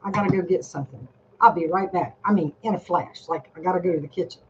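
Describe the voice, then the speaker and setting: A woman's voice: on the low side, fast talker, darkish tone, dull audio, a little hiss or hum. An older woman vlogging a casual product review from her home desk, chatty and rambling as she talks straight to her viewers.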